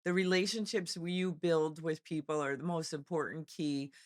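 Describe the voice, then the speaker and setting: A woman's voice: sits low, fairly even intonation, normal speed, no echo, studio quality. A woman co-hosting a casual podcast, upbeat and talking straight to her listeners, her voice worn from talking all week. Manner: upbeat, talks to listeners directly. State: losing her voice. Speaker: podcast co-host. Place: hotel event venue.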